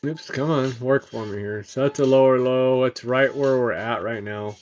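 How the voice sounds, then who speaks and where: A man hosting a late-night trading livestream, talking through charts in a relaxed, halting way with many ums and uhs and greeting chat viewers, sounding tired. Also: mid-range voice. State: tired, yawning. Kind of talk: casual live-stream chart commentary.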